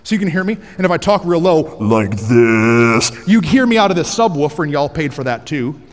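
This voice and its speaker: High-voiced preacher man in a big hall. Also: fast. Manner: energetic, joking, rising to shouts for emphasis. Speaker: pastor. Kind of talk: sermon. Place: large church auditorium. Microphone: headset mic.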